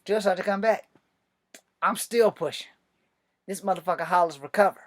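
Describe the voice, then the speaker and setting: A man's voice: sits high, moderate pace. Man rambling through a casual story. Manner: loose, profane and rambling, with fillers. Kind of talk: casual spoken anecdote.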